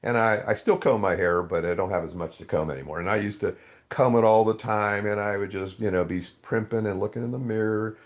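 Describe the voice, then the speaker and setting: A man's voice: fairly low pitch, brisk. A man in his sixties, a guest author animatedly telling a story in a podcast interview. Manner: animated storytelling with quoted dialogue.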